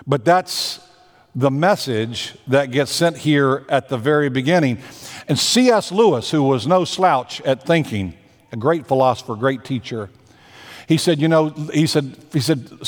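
A man's voice: medium pitch, expressive, a little slow. Man preaching in an echoey hall. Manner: emphatic, repeats phrases and restarts. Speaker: pastor. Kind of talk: sermon.

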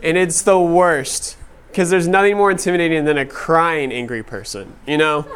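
Speaking at a moderate pace, this teacher in his thirties has a smooth, slightly bright voice that runs high. His storytelling talk to the class is relaxed and full of "like," and he often laughs at his own tales.

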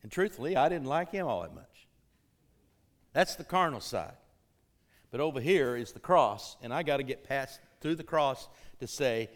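A man preaching a sermon to his congregation, emphatic, rising to urgent peaks and dropping low, calling out for responses. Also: lively intonation, unhurried, fairly bright tone. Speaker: pastor.

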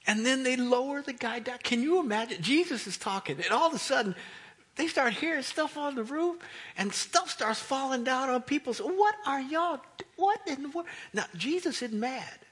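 A man's voice: very high-pitched, animated, normal speed, a bit bright, husky. A man preaching a sermon, retelling a story and acting out the voices of the crowd. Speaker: pastor.

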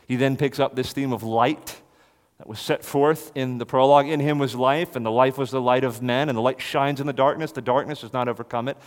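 Male preacher, mid-pitched, dramatic loud-soft delivery, long hall reverb. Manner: dramatic swings from loud to hushed. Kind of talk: expository sermon.

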